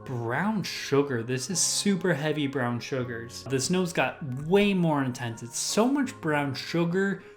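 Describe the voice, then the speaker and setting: A man's voice: fairly high pitch, expressive, a little slow, hardly any pauses, faint music behind. A man hosting his own whiskey review channel, casually listing tasting notes with lots of "like" fillers. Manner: rambling lists of tasting notes, full of "like" fillers.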